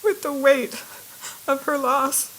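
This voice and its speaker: A woman's voice: high voice, steady tone, slow pace, a bit bright, slight background noise, low-quality recording. A woman, a victim's aunt, reads a prepared impact statement in a courtroom, her voice breaking with emotion at times. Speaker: victim's family member giving an impact statement.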